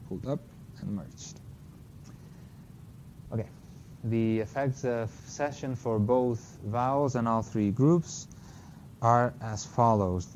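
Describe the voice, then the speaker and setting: Man lecturing on vowels, mellow tone. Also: medium pitch, slow pace, pauses often. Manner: explanatory, self-correcting, apologetic asides. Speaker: linguistics lecturer. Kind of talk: academic talk with slides. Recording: slightly dull lo-fi lecture recording with faint noise.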